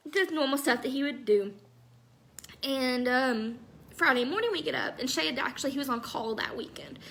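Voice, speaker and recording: Brief: young woman in her twenties, high voice, gentle and halting, soft laughs, speaking to camera. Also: animated, vocal fry. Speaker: bereaved mother sharing her story. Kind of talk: emotional personal Q&A vlog.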